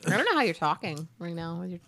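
Young woman in a chat with friends, teasing, lots of questions, lively up-and-down voice. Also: lowish voice, fast, slight background noise. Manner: teasing, curious, asks questions. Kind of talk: casual chat.

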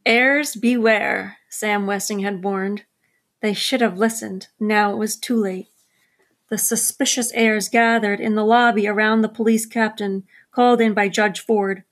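A woman narrating a mystery novel at a measured pace, briefly voicing the characters. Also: mid-range voice, flat delivery. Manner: measured storytelling, gives characters quick voices. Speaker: audiobook narrator. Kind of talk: scripted narration.

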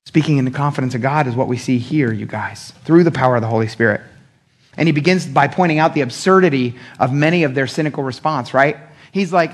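A man's voice: fairly high pitch, a little fast. Casual, slangy male preacher. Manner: casual, slangy preaching that acts out quoted speech. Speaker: pastor. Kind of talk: Sunday sermon.

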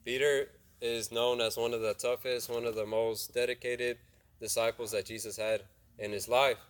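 A man's voice: medium pitch, flat delivery, moderate pace. A young man preaching a casual sermon, retelling a Bible story in plain talk, asking his listeners questions and acting out the lines of the people in it. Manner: conversational, asks the audience questions, acts out dialogue. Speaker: youth preacher.

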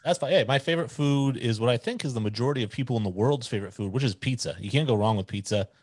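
A man's voice: mid-range voice, very fast, husky, dry recording. A man in his forties, a podcast guest chatting casually in an easygoing, opinionated way.

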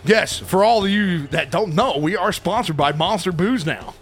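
A man co-hosting a podcast in casual, crude banter, swearing freely and breaking into loud shouted bits. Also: high voice, normal speed, soft background music. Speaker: podcast co-host.

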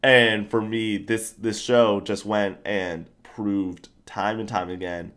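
A young man chatting casually about a TV show, enthusiastic and rambling, with animated outbursts. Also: on the low side, slow pace.

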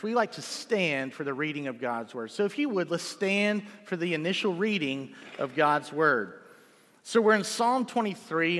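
Male pastor, slightly higher voice, conversational sermon delivery, long church reverb. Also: pushed and bright. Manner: conversational preaching with rhetorical "right?" checks. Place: church sanctuary.

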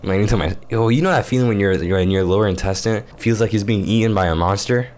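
A young man co-hosting a casual podcast, talking in an animated way, groaning, laughing and exclaiming as he tells stories. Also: lowish voice, quick pace. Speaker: podcast co-host. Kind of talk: casual chat.

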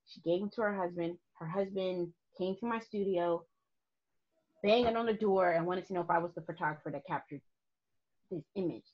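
A woman in a casual podcast chat, telling lively stories as a guest photographer and laughing often. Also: mid-range voice. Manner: animated storyteller, laughs often. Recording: muffled lo-fi podcast audio.

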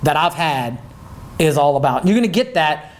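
A man's voice: a little high, animated, normal speed. Folksy man hosting. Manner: folksy, emphatic, keeps asking "right?" and "okay?". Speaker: podcast host. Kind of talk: casual chat.

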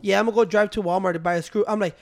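A man's voice: high voice, steady tone, rapid-fire. A man in casual chat who swears freely and mocks a friend while retelling what he did. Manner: profane teasing, mocking a friend.

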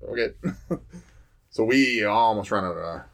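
A man's voice: on the low side, measured pace, gravelly. A man, a firefighter, telling a fire call story in casual chat, rambling with many fillers and restarts.

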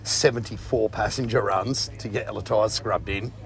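A man's voice: fairly low pitch, fairly even intonation, normal speed, vocal fry. A man, a vlogger and amateur racing driver, chatting casually and teasing a fellow driver with joking banter at an outdoor motorsport event. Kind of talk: casual chat and teasing interview. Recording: noisy outdoor recording.

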